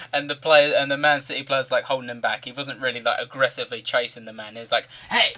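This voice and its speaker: A man's voice: medium pitch, level tone, fast talker, background noise. A man giving rambling, jokey commentary over a video game. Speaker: gaming commentator.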